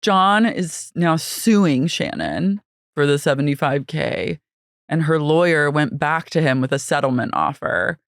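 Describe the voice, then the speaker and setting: A man with a slightly high voice trades campy, quick-witted remarks in a reality TV recap podcast. The sound is dry and close. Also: a bit bright, no room sound. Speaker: podcast co-host. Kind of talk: casual chat, reality TV recap.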